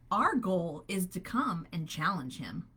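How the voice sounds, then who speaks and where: A middle-aged woman leading a live faith-based coaching call, animated and upbeat, laughing often as she speaks. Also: lowish voice, slow pace, slight background noise. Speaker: holistic health coach.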